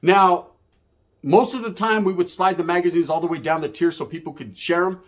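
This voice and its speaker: A man with a high-sitting voice speaks briskly as he casually shares a story about his time behind bars, using profane street slang and making knocking sounds.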